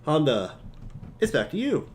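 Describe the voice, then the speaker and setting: A man narrating as game master of a tabletop game, calmly explaining rules and reacting with dry remarks. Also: on the high side, measured pace, a little hiss or hum.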